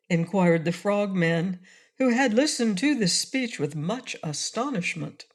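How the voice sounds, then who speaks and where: A woman reading a storybook aloud. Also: on the low side. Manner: clear, measured, expressive storytelling. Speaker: audiobook narrator. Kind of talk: storytelling narration.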